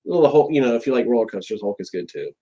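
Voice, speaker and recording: A man's voice: medium pitch, expressive, very fast, warm tone, slightly rough, dull audio. A man from central Florida co-hosting a casual live chat, rambling and restarting his sentences, with a stuffed-up nose. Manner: rambling, starts over mid-sentence. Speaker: co-host of a live chat stream.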